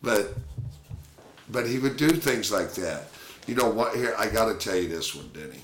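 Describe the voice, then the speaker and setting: A former baseball catcher recounts career stories in a casual interview, animated and laughing often. His voice sits on the low side at a moderate pace. The recording has a roomy echo and a little hiss or hum.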